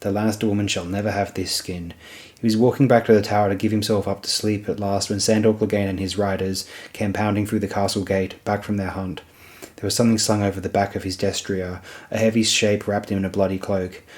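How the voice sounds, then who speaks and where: Male audiobook narrator, low voice, steady even storytelling delivery. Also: fairly quick.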